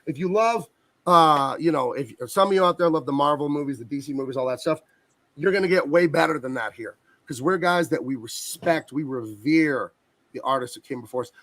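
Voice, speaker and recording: A man's voice: a little high, a little fast, a bit bright, no room sound. A man who colors comics, talking enthusiastically and at length about his work as a guest on a video call. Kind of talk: casual interview chat.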